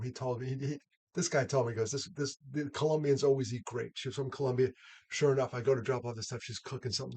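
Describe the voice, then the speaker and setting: A man's voice: medium pitch, darkish tone, breathy edge. A man, a mental health advocate, talking casually and earnestly to camera, rambling with frequent laughs.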